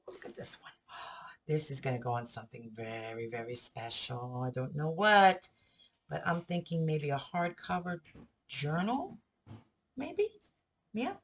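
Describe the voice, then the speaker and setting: A woman's voice: on the low side, a little hiss or hum, rough recording. A middle-aged woman with a New Jersey accent, host of a journaling channel, chatting casually and gushing as she unpacks a craft order. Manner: gushing, chatty, talks to herself. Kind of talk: casual unboxing chat.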